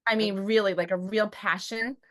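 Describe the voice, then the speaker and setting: A woman's voice: medium pitch, fairly even intonation, moderate pace, a bit bright. A middle-aged woman talking about her life in a podcast conversation, emotional and hesitant, with frequent restarts. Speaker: guest. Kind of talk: personal conversation and poem reading.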